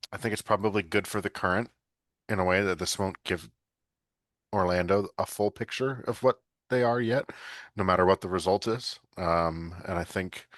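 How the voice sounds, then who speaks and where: A man with a very low voice chats loosely about soccer as a podcast co-host, easygoing and a little tired. The sound is close and dry. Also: fairly bright tone, no echo. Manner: chatty, easygoing, yawning. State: tired, yawning. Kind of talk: casual sports chat.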